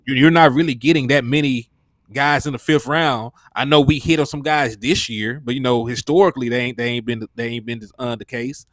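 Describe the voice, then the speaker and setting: A man with a mid-pitched voice co-hosts a casual sports talk show, breaking down draft picks in an easygoing, rambling way. His voice is recorded close and dry, with no room sound around it. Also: fairly even intonation, fairly quick, no room sound. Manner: easygoing, chatty, full of fillers.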